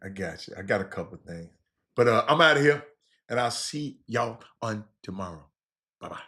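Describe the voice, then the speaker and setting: Middle-aged male sports talk host, bright forceful tone, animated shout-outs. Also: lowish voice, normal speed. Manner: animated, repeats himself, shouts out listeners. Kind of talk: casual call-in sports talk.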